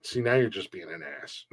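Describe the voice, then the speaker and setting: A man hosting a live-stream podcast, talking loosely and bluntly, swearing freely and breaking into laughs. His voice sits at an ordinary middle pitch and sounds close and dry, with no room around it. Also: husky, no room sound. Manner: blunt, profane, joking rants; laughs often between remarks. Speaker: podcast host reading chat. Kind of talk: casual live-stream chat.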